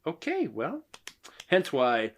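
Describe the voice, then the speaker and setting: A man's voice: fairly high pitch, wildly swooping pitch, slow, slight background noise. A man in his thirties co-hosting a podcast, telling a casual story and acting out the quotes. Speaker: podcast co-host. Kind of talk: casual movie-review chat.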